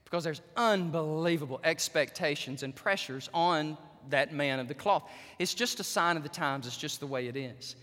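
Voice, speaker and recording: Pastor, man, bright high voice, animated sermon, reverberant church hall. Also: normal speed, few pauses. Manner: animated preaching that swings from quiet asides to loud emphatic peaks. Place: church sanctuary.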